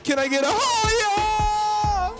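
A woman hosting a podcast, giving brash, swearing shout-outs in a hyped casual way. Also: high-pitched, animated, measured pace. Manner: brash, swears, hypes people up. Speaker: podcast host. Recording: loud hip hop music behind. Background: loud hip hop music.

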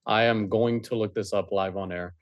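A man co-hosting a casual football podcast, chatty and agreeable, quick to laugh. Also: fairly low pitch, fairly even intonation, dull audio. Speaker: podcast co-host. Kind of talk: casual sports chat.

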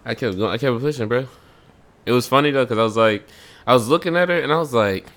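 A man's voice: medium pitch, fast, fairly bright tone. A young man in laid-back, profane casual chat, often repeating himself.

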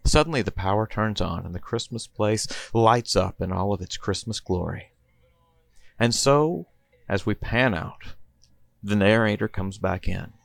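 A man's voice: on the low side, unhurried, gravelly, no echo. A man and podcast host reading out a comedy story in a playful storytelling manner. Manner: playful storyteller, chuckling between bits.

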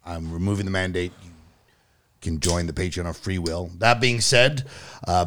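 A man's voice: low-pitched, steady tone, moderate pace, a bit bright. A man co-hosting a casual podcast, joking and swearing as he reads out thanks. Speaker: podcast co-host.

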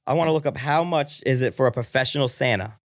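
A man hosting a casual podcast, reacting excitedly to a video with lots of swearing and laughter. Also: mid-range voice, fast. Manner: excitable, profane, laughing often. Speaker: podcast host.

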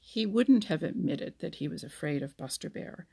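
A woman's voice: low voice, expressive, normal speed, vocal fry, warm tone, husky. A woman reading a children's animal storybook aloud, with small slips and restarts. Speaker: narrator.

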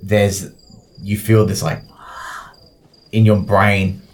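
A man running a tabletop game as game master, talking casually and laughing often. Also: fairly low pitch. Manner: casual, laughing, quick bursts of excitement.

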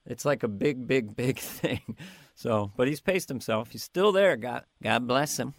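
An older man, a comedian guest in a casual interview, telling animated stories with laughs and stammered restarts. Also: medium pitch, unhurried, no room sound. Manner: animated storyteller, laughing and stammering through anecdotes.

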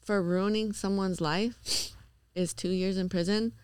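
A woman's voice: mid-range voice, steady tone, unhurried, darkish tone, clear, resonant tone, no room sound, studio quality. A woman talking bluntly in a casual podcast chat, swearing freely and laughing easily. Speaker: new podcast member.

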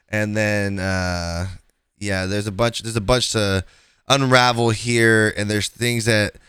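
A man's voice: on the low side, a bit bright, smooth, no room sound. A man hosting a podcast, talking loosely with restarts and fillers as he sets up clips. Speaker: podcast host. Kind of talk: casual commentary.

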